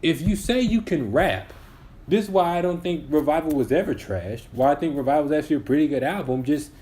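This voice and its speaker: This man, in his twenties, co-hosts a podcast and argues his opinions in a casual chat, restarting sentences as he builds points. He talks briskly and expressively, his voice on the high side and a little mellow.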